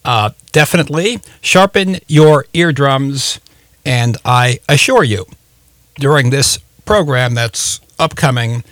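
A man's voice: mid-range voice, a bit bright, no echo. A folksy, chatty man in his fifties hosting a radio talk show. He rambles easily and laughs often, his voice dry and close to the mic.

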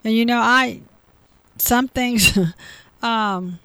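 A woman's voice: fairly high pitch, extremely slow, a bit bright, clear, resonant tone, no room sound. A woman giving a devotional talk, reading Bible verses aloud and then explaining them with repeated phrases. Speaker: Bible teacher.

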